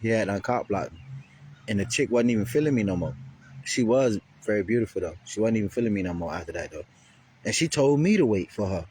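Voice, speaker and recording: A man's voice: lowish voice, expressive, brisk, a little mellow, slight background noise. A man vlogger telling a rambling, profane story in casual speech heavy with slang.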